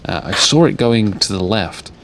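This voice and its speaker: A man's voice: lowish voice, animated, moderate pace, vocal fry. A tired man casting a strategy war game late at night, rambling and joking between calls of the action, with game noise behind him. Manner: rambling, jokey, drifts off topic. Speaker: game caster. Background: game sounds of gunfire and vehicles.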